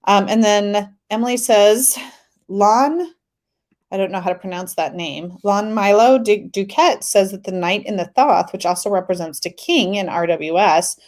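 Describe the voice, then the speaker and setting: A woman's voice: medium pitch, moderate pace. A woman hosting a tarot live stream, chatting casually, reading viewer comments aloud and laughing often.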